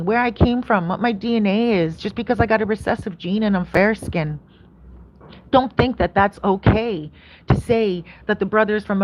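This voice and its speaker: A woman real estate advisor talking in a casual vlog rant, animated and emphatic, firing off rhetorical questions. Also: a little high, highs cut off, slight background noise.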